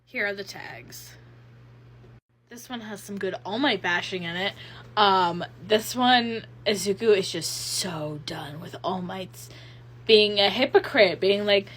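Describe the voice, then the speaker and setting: A woman's voice: mid-range voice, normal speed, fairly bright tone, breathy edge. Chatty woman rambling about stories. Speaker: fanfiction reviewer. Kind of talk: casual recommendation vlog.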